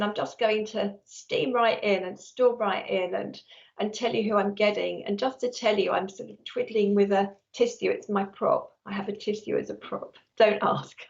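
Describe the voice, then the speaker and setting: Lady psychic doing a live reading, gravelly, lots of restarts, muffled stream sound. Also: mid-range voice. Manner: chatty, warm, frequent restarts. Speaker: psychic medium. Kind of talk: live online reading to a viewer. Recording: dull lo-fi stream audio.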